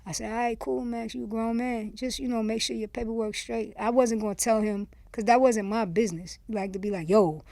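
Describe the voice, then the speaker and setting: A woman from Miami, a podcast guest telling a story in a candid, animated way, acting out quoted dialogue. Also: fairly high pitch, fairly quick, creaky, few pauses, no room sound. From Miami, USA. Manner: candid and animated, acts out quoted dialogue, lots of "you see what I'm saying". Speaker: podcast guest, former rapper. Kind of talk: casual storytelling in an interview.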